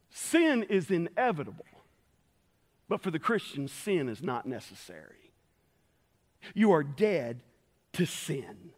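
Guy preaching, kinda high voice, folksy, big hall echo. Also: lively intonation, measured pace, pauses often. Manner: folksy, storytelling with quoted voices. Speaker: pastor. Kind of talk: sermon. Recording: long hall reverb.

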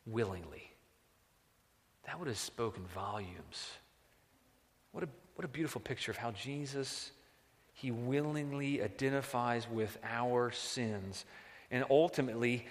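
A man preaching a sermon as pastor, moving between hushed reflection and loud, impassioned exclamation. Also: medium pitch. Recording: reverberant hall.

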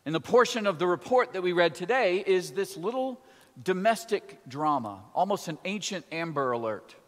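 A man's voice: high voice, animated, moderate pace. A man giving a sermon as preacher, in a conversational way with folksy asides. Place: church. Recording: long church reverb.

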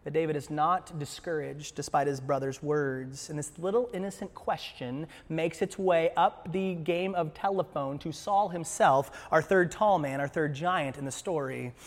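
A man preaching a sermon in church, animated and acting out scripture scenes with voices. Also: on the high side, moderate pace, hardly any pauses, big-room sound. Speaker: pastor.

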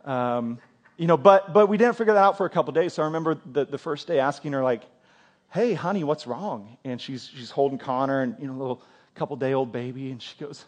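A man's voice: medium pitch, lively intonation, fairly quick. A middle-aged man preaching a sermon in a church, conversational, often repeating words and asking the congregation questions. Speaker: pastor.

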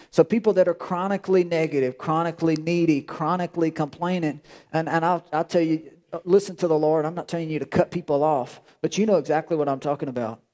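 A man's voice: fairly high pitch, a little fast, darkish tone. A male pastor preaching a sermon in an emphatic, repetitive way, often restarting his phrases.

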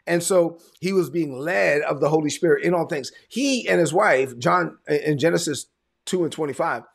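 A man preaching a sermon in a conversational, emphatic way, repeating his points, with a gravelly, husky voice. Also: fairly high pitch, normal speed. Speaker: pastor.

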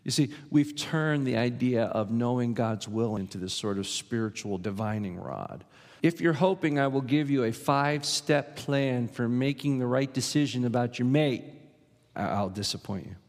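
Pastor preaching in a reverberant hall. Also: male voice, medium pitch, lively intonation, moderate pace, darkish tone. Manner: earnest, emphatic preaching with rising stress on key words. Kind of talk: sermon.

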